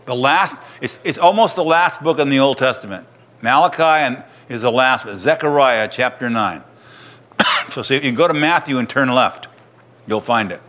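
A man's voice: mid-range voice, animated, moderate pace, fairly bright tone. A man preaching a sermon, reading scripture aloud and retelling it in casual everyday words.

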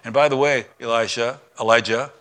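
A man preaching a sermon, retelling scripture with voiced parts, dropping to a hush for God and rising high for Elijah. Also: steady tone, brisk. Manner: drops to a hushed voice for God's lines, climbs high for Elijah's complaints. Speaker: pastor.

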